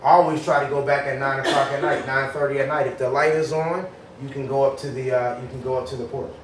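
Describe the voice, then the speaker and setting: Energetic male trainer in an echoey room. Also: medium pitch, quick pace. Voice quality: energetic, repeats words when starting sentences. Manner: acts out phone calls in a raised voice. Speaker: sales workshop trainer. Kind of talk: live training talk to a group. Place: workshop room. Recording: echoey room from far off, faint noise.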